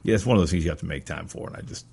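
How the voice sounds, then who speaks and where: A man's voice: low voice, racing, creaky, darkish tone, slightly rough. An American man co-hosting a podcast, talking casually and hesitantly, full of fillers and trailing off. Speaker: podcast co-host. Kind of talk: casual chat.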